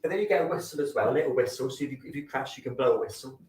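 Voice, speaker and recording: A man's voice: mid-range voice, rapid-fire, darkish tone. A man doing camp, bawdy stand-up comedy on a stage, slipping into put-on voices for his stories. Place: theatre stage at a fringe festival. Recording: echoey live room, voice from a distance.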